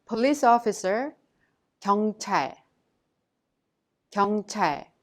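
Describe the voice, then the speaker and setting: A woman language teacher giving a scripted lesson, speaking clearly and carefully and saying words twice for learners to repeat. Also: medium pitch, lively intonation, moderate pace.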